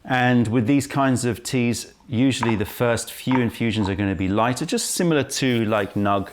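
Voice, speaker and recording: A man presenting a casual tea-tasting vlog, highly caffeinated, chatty and full of self-interrupting asides, filmed on a camera right in front of his face. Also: normal speed, background noise. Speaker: tea shop owner and presenter.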